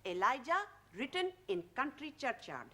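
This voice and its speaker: An actress playing an earnest adult student reciting a poem in halting, broken English in a sitcom. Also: female voice, sits high, sing-song, pushed and bright, full character voice. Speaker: adult evening-class student. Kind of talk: 1970s studio sitcom acting.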